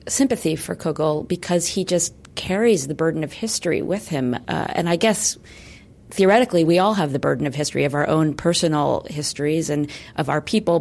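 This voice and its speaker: Woman host asking questions, calm and thoughtful, kinda low voice. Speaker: interviewer. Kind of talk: interview questions.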